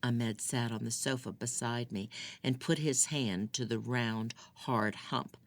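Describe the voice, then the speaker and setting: An audiobook reader giving measured first-person narration of a thriller, close to the mic. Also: mid-range voice. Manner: measured, expressive in dialogue.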